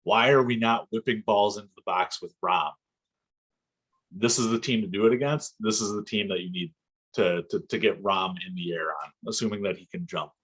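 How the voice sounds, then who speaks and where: A man co-hosting a casual football podcast, talking in an animated, excitable way and laughing often. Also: fairly low pitch, normal speed, husky. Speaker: podcast co-host.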